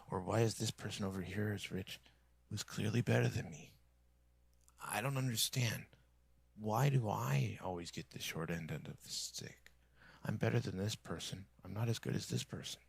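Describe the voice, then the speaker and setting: A male streamer rants in a rambling, resentful monologue, his voice low and gravelly. He often slips into a husky whisper, close to the mic in a dry room. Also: fairly even intonation, moderate pace, no room sound. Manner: bitter, complaining, often drops to a whisper.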